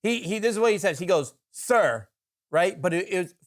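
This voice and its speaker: High-voiced man telling a profane story. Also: fast talker. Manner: profane, animated anecdote with quoted dialogue. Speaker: podcast co-host. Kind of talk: casual storytelling.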